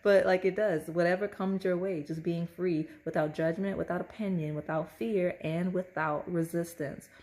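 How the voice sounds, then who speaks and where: A woman's voice: on the low side, fairly even intonation, normal speed, hardly any pauses, darkish tone. A woman giving a casual pick-a-card tarot reading, speaking straight to the viewer and often checking in with "right?" and "okay?". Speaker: tarot reader.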